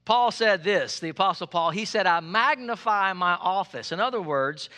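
High, bright-voiced preaching man. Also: clear, resonant tone. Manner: energetic, repeats key phrases, jokes with the congregation. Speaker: pastor. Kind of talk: sermon.

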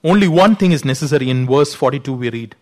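A man's voice: medium pitch, lively intonation, fast talker. A man preaching a sermon, teaching earnestly, pushing his voice up for emphasis and often saying "you know".

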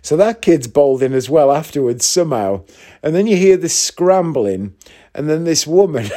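With a fairly high, dark-toned voice and lively intonation, a northeast English comedian in his thirties spins a long anecdote at a moderate pace. He keeps it chatty and casual, turning to the listener for asides.

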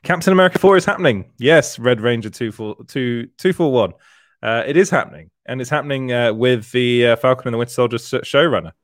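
A man's voice: mid-range voice, fast talker, no room sound. Male stream co-host, laughs a lot, reads the chat, dry close sound. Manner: laughs often, reads out comments. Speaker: podcast co-host reading chat. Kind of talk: casual live-stream chat.

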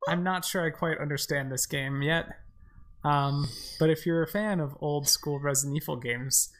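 A woman's voice: low-pitched, normal speed. A woman giving chatty, exasperated, joking commentary while playing a co-op game. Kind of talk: casual co-op gameplay commentary.

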